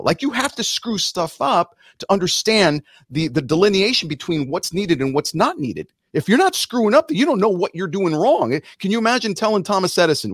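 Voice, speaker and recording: A middle-aged man talks with animated swings in pitch, preaching about facing fear and acting out little quotes in other voices. His voice is recorded close and dry, with no room sound. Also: brisk, few pauses, no echo. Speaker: podcast guest, musician. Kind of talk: motivational interview talk.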